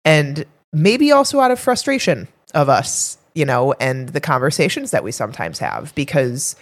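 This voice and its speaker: A woman's voice: low-pitched, sing-song, moderate pace. Chatty woman podcast co-host. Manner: rambling, with many fillers and restarts. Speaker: podcast co-host, health coach. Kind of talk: casual podcast chat.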